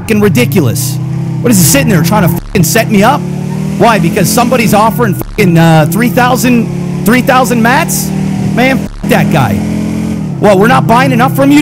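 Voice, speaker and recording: A man with a high voice that swings widely up and down, ranting in character during a crime-city roleplay. He is exasperated and swears constantly, and music plays behind him. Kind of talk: heated in-character rant.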